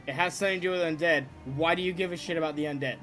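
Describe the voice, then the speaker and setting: A man's voice: a little high, steady tone, racing, pushed and bright, soft background music. A man voicing a grumpy, impatient old male priest on a crutch who scolds in a curt, sarcastic way.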